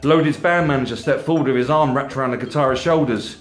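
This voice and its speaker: A man reading his own comedy novel aloud in a steady, measured narration. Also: medium pitch. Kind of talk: audiobook narration. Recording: echoey room, faint music.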